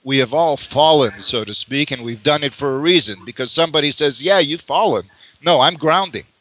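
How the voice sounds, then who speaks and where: A man's voice: medium pitch, brisk, a bit bright. A man in a casual conversation on mysticism, musing at length, restarting phrases and laughing often. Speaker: spiritual teacher in conversation.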